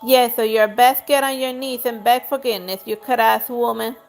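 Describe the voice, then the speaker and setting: A woman's voice: fairly high pitch, steady tone, normal speed, creaky, faint music behind. A woman reading as a scornful haughty noblewoman. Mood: imperious. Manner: scornful, insulting. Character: haughty scheming young noblewoman, quick-tempered. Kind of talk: reading game dialogue aloud.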